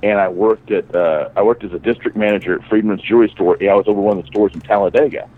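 A man co-hosting a podcast who tells stories in an animated way and laughs often. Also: lowish voice, quick pace. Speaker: podcast co-host. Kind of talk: casual storytelling chat. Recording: tinny phone-like sound.

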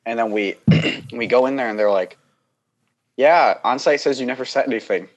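A man's voice: mid-range voice, moderate pace. A young man in casual chat, telling a long story in a rambling way, acting out the people he quotes and laughing often.

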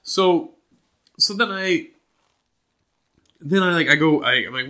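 A man from Montana hosting a podcast, casually telling a lively story and acting out the voices of people in it. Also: on the high side, takes it slowly, pauses often. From Montana, USA. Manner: animated, acts out quoted voices in his stories. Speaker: podcast host.

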